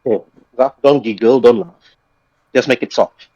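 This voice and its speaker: A man's voice: mid-range voice, moderate pace, dark tone, breathy edge, dry recording. A man running an online tabletop game as game master, narrating loosely with many restarts. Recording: dull lo-fi mic.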